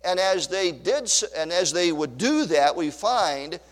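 A man's voice: sits high, expressive, unhurried, long reverb tail. A male pastor delivering an emphatic sermon, repeating key phrases and reading scripture aloud.

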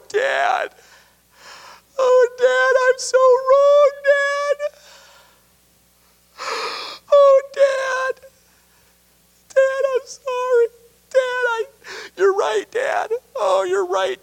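A man's voice: extremely high pitch, steady tone, quick pace, creaky, few pauses, pitched above the performer's own voice. A man voicing a grown elder son who is crying and pleading with remorse. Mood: sobbing remorse. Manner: sobbing, pleading cries.

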